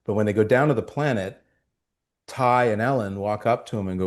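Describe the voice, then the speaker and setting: A man with a fairly low voice tells behind-the-scenes stories in an interview. He talks casually, with restarts, and acts out what people said. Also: normal speed. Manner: animated storyteller, acts out quotes. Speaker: actor guest. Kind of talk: storytelling interview.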